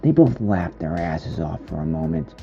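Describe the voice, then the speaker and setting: A man narrating a horror short story in a slow, dramatic storytelling manner. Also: low-pitched, lively intonation, warm tone, dull audio, faint music behind.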